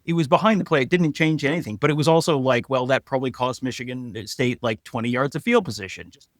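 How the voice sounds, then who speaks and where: A man co-hosting a sports podcast, telling stories with wry humor and quick mock voices. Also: medium pitch, dry recording, studio quality. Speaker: podcast co-host. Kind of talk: casual sports chat.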